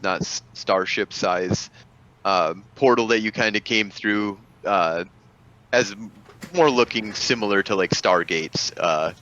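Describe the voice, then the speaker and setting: Man, game master narration, rambling, forceful bright tone, low pitch. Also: lo-fi sound. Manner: rambling, full of fillers.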